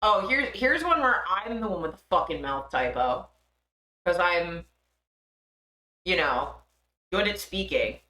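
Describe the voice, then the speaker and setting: A young woman chats on her live stream in a bright, slightly high voice that rises and falls a lot. She talks slowly, laughs at her own slips and swears freely. The sound carries an echo from the room. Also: expressive. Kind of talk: casual live-stream chat.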